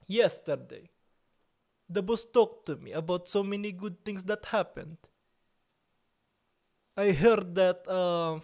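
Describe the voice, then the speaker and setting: Playfully feigning outrage, a young man from Italy chats casually with his livestream viewers, drawing his words out slowly. His voice runs a little high with a darkish tone.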